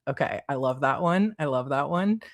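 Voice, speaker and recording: Woman author on a livestream, low voice, bubbly, laughs a lot, reading chat. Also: animated, moderate pace. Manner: bubbly, giggly, reads chat aloud.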